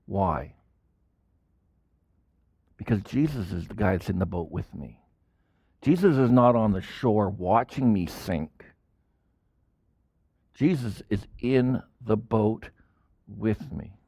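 A man preaching a sermon as a pastor, in animated style with sudden loud bursts and quiet drops. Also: lowish voice, takes it slowly, pauses often, husky, no room sound, studio quality.

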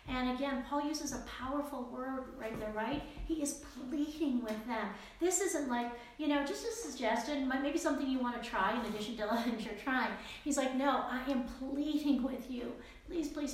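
A woman teaches a casual Bible study in an earnest, chatty way, restarting her sentences often. Her fairly high voice rings through a very echoey room, and a faint background noise runs under it. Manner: earnest, conversational, many fillers and restarts.

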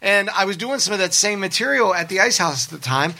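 A man's voice: high voice, lively intonation, fast, creaky, sharp tone. A male comedian recounting a story in casual chat, rambling and correcting himself as he goes.

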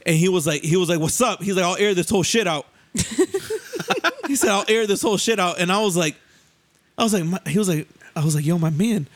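A young man casually telling a story on a podcast, animated and slangy, often laughing and jumping into voices. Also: a little fast. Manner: animated, laughing, acts out voices with rising pitch; profane, slangy.

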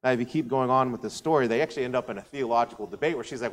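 A man's voice: mid-range voice, very fast, hardly any pauses, long reverb tail. A man preaching a conversational sermon as a pastor, telling the story casually with frequent asides. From United States. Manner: animated storytelling, acting out quoted voices; casual asides and filler words.

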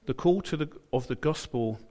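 A man's voice: mid-range voice, moderate pace, mellow. A British man preaching a sermon in church, in a conversational way, with asides and quotes he acts out. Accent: British English.

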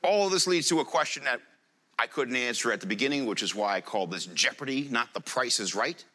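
Male conference presenter, lively and jokey, bright voice, lots of pitch swing. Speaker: conference speaker. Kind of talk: live presentation to an audience.

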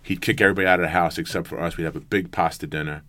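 Low-voiced man telling rambling stories. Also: fairly even intonation, very fast, pushed and bright. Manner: rambling anecdotes with quoted voices and many fillers. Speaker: interview guest, former player. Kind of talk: storytelling in casual chat.

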